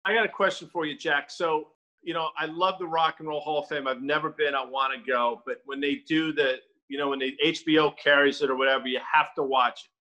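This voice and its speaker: A male co-host asks his question directly and earnestly. His voice sits a little high and sounds bright and forceful. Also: fairly even intonation, a little fast, poor audio. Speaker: podcast co-host. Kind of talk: casual interview chat.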